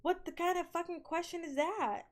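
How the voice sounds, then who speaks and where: A woman's voice: extremely high pitch, normal speed. Jumpy young woman gaming streamer. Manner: jumpy, screams loudly at scares then chatters and apologizes. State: sick. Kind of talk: casual horror game commentary.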